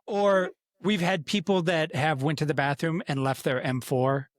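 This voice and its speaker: A man's voice: on the high side, fairly even intonation, moderate pace, dry recording, clean studio sound. A man in his fifties co-hosting a podcast, chatting bluntly and swearing casually. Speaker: podcast co-host. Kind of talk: casual chat.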